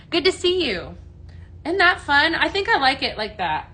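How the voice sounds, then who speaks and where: Woman, Midwest-raised, live-sale host; enthusiastic, chatty, slightly raised pitch. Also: big pitch swings, moderate pace, bright, forceful tone. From American Midwest. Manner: chatty, enthusiastic, greets viewers by name. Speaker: home fragrance consultant hosting a live sale. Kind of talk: casual live-stream product demo.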